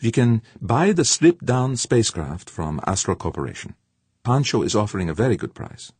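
A man's voice: lowish voice, big pitch swings, moderate pace, darkish tone, breathy edge, dry recording, pitched above the performer's own voice, full character voice. Man doing an intense, insistent leader. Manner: formal, insistent speech. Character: intense, earnest man, a driven community leader.

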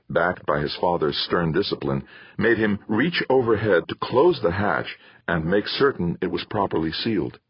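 A man narrating an audiobook in an even, descriptive storytelling manner. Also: rumbling low, breathy edge, no room sound, muffled recording. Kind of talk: scripted narration.

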